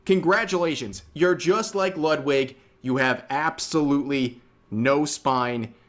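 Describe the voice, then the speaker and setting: A man's voice: fairly high pitch, measured pace. A man narrating a commentary video in a mocking, sarcastic way.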